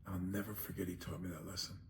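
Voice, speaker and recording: A man's voice: low-pitched, flat delivery, fast. A man, hosting his show and telling a rambling personal story in a conversational way. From New York, Long Island. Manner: rambling, conversational, frequent "you know". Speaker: host. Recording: echoey room with faint noise.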